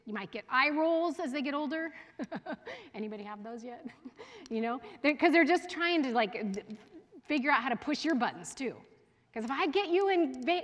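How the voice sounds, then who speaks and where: A woman, a school division head, giving a casual, animated parenting talk to parents and often laughing and asking the audience questions. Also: high-pitched. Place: school event room with an audience. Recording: long reverb from a hall.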